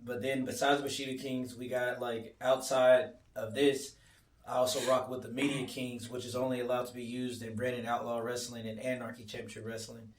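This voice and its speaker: A man's voice: mid-range voice, recorded from a distance. A man with a Texan accent, a wrestler guest on a podcast, boastful and rambling as he lists names. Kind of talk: casual podcast chat. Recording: roomy, from off-mic.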